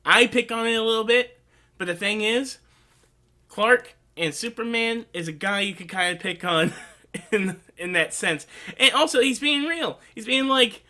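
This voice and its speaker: Excitable high-voiced man rambling about movies. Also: measured pace. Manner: rambling, heavy use of "like", earnest and emotional. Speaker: host. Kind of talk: casual movie review vlog.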